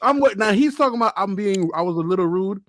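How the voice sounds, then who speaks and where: A man co-hosting a casual group chat, telling stories and acting out quotes in an animated way. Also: sits high, quick pace, dry recording. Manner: animated storyteller, acts out quotes. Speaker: podcast co-host.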